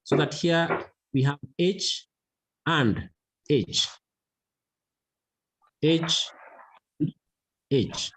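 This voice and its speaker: A man teaching a mathematics lesson, slow and deliberate, repeating key words for emphasis. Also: on the high side, a bit bright, poor audio. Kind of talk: classroom lesson.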